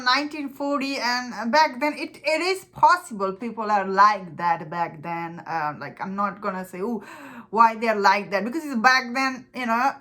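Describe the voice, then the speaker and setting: A woman's voice: a little high, sharp tone. Rambling woman reviewing a film. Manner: rambling, many fillers and restarts, laughs often. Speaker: movie reviewer. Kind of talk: casual spoken film review.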